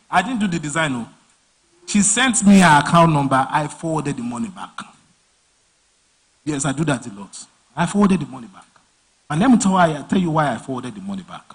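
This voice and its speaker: A man's voice: a little high, a little fast, slightly rough. A man giving a casual live design training, telling stories and voicing clients and bosses along the way. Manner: animated storyteller, voices clients and bosses mid-story. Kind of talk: casual live training talk with acted-out anecdotes.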